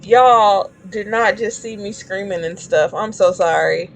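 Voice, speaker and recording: A woman's voice: medium pitch, a little slow, gravelly, a little hiss or hum. A woman chatting casually while streaming a game, rambling and shrieking when startled. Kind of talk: casual gameplay commentary.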